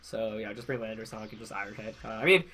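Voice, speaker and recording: A congested young man talks through his match in a bright, forward voice, thinking aloud and correcting himself as he goes. Faint music plays underneath. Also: on the low side, fairly even intonation, rapid-fire. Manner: thinks aloud with many fillers and self-corrections. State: congested from a cold. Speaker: game commentator. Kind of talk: casual play-by-play commentary.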